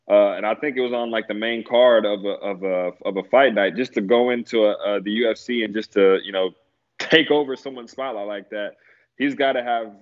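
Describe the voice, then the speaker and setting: A man's voice: lowish voice, highs cut off. A man chatting casually about fights on a podcast, laid-back with lots of fillers and easy laughter. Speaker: guest analyst.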